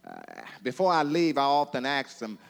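A pastor delivering a sermon, calling out questions to the congregation and repeating phrases in a rhythmic preaching style. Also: male voice, medium pitch, lively intonation, moderate pace, big-room sound. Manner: call-and-response preaching with rhythmic repetition.

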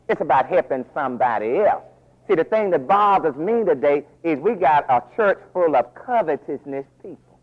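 Preacher man, high voice swinging all over, folksy sermon, muffled radio sound. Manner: folksy, animated preaching with asides and laughs.

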